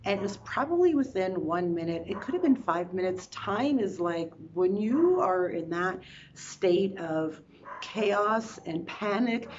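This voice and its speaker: A woman vlogger telling her own travel story in a casual, animated way, often restarting sentences and adding quick asides. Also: medium pitch, highs cut off, a little hiss or hum.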